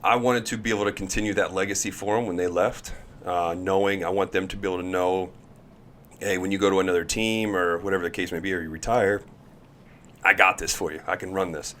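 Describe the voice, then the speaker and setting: Animated storytelling man, low voice. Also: a little fast, a little hiss or hum. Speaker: podcast guest. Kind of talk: casual storytelling chat.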